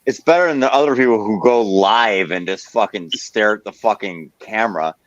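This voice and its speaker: A man's voice: lowish voice, moderate pace, no room sound, muffled recording. A man hosting a casual stream chat, blunt and swearing constantly. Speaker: stream host. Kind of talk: casual profane group chat.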